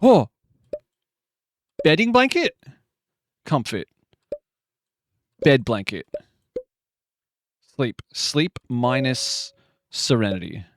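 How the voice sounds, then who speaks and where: A man streaming a word game live, muttering guesses to himself with sudden excited outbursts. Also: mid-range voice, extremely slow, pauses often, no room sound, clean studio sound.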